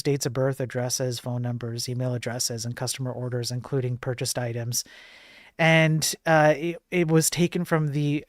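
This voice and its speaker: A man's voice: mid-range voice, no echo, studio quality. A man hosting a casual live-streamed tech news show, rambling and chatty with lots of fillers and jokey asides to his chat.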